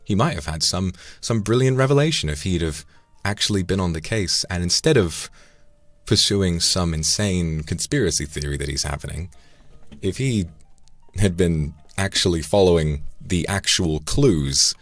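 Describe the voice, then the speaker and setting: A man's voice: low voice, animated, normal speed, no room sound, faint music behind. A man casually chatting on a livestream, swearing now and then and tripping over repeated words. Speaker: streamer.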